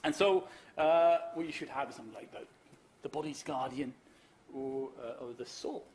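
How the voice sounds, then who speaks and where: A man's voice: medium pitch, moderate pace, a little mellow, slight background noise. A man giving a keynote conference lecture, explaining patiently with fillers and rhetorical questions, and reading verse aloud with an emphatic rhythm. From Netherlands.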